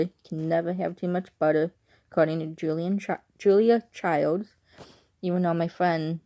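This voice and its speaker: A woman's voice: lowish voice, gravelly, mellow. A woman from Chicago with a speech impairment, chatting casually in a rambling, unsure way on her vlog. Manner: rambling, digressive, often unsure. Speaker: vlogger.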